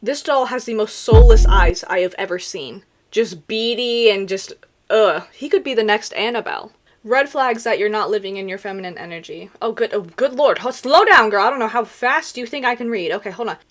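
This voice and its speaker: A young woman giving sarcastic, animated comedic commentary on videos, with laughing asides. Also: mid-range voice, brisk. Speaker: reaction video creator.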